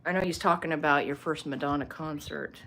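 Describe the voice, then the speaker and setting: Woman, low voice, casual rambling livestream host on her phone, laughs easily. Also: steady tone, a little fast, a bit bright, slight background noise. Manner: rambling, chatty, laughs often. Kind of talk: casual livestream chat with viewers. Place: home room lit by a small ring light.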